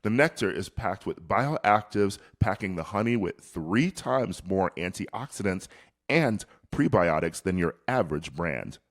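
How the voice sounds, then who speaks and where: A podcast host putting on an exaggerated mock New Zealand accent while reading an ad. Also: male voice, sits low, expressive, moderate pace, husky, heavily acted. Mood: hammy.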